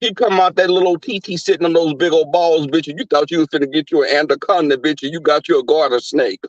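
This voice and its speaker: On a lo-fi, dry recording with no room sound, a man with a Southern US accent hosts a livestream, chatting with viewers. His voice sits a little high and moves at a quick pace, and his manner is brash, profane and camp.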